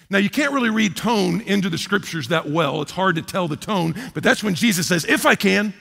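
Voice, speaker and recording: An American pastor preaching with a bright, tense, high voice that carries a gravelly rasp. He drives his points home by repeating phrases, rising loud and then dropping low. His voice rings with the long reverb of a large church hall. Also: a little fast. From United States. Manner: emphatic, repeats key phrases, swings from loud to quiet. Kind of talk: sermon.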